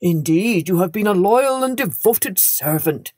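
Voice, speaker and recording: Woman doing a formal older master, lower and measured, storybook. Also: expressive, darkish tone, no echo, studio quality. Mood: dignified. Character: older male master, dignified.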